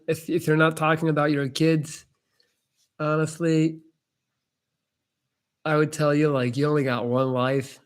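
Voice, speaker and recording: A young man with a slightly high voice hosts a casual live-stream chat. He gives blunt, laid-back advice to viewers, full of "like" and "man". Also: clean tone. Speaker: host answering chat questions.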